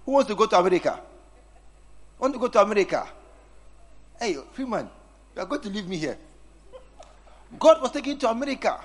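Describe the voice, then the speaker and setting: Animated man preaching. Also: high voice, brisk, pauses often. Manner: animated, teasing, acts out scenes with the congregation. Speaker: pastor. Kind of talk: sermon.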